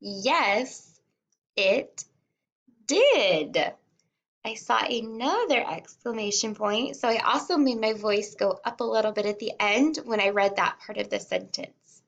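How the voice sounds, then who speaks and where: A woman kindergarten teacher reading a simple storybook aloud word by word, sounding out and repeating words and gently encouraging young children to follow along. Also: on the high side, moderate pace, vocal fry, muffled recording. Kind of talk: slow read-along lesson for young children.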